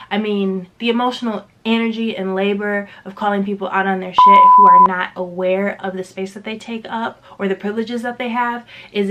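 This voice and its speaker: A woman's voice: medium pitch, noisy background. A young woman reviewing a book in a casual vlog, candid and emphatic, swearing freely.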